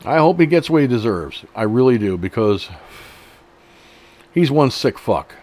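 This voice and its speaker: Blunt, profane middle-aged man with a lively voice. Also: mid-range voice, unhurried. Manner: blunt and profane, indignant asides. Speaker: online news show host. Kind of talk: reading a news article aloud with commentary.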